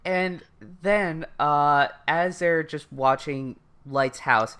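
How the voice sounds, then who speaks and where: A young woman with a lowish but bright, forceful voice jokes her way through an anime recap. She talks casually and crudely, acting out scenes along the way. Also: clear, resonant tone. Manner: jokey, crude, plays out scenes in quick silly voices. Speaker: podcast co-host.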